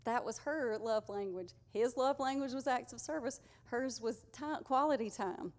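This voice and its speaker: A woman's voice: on the high side, normal speed. A woman preaching a conversational, earnest sermon to her congregation. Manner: conversational, earnest, uses y'all.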